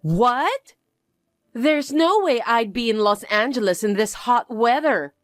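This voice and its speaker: A shrill, spoiled young stepsister with a sing-song, swooping delivery, as a woman puts her on in a dramatized story. She sounds condescending and demanding, and her words come out slow and drawn out. The voice is close and dry, with faint music underneath. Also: expressive, dry recording. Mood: smug, bratty.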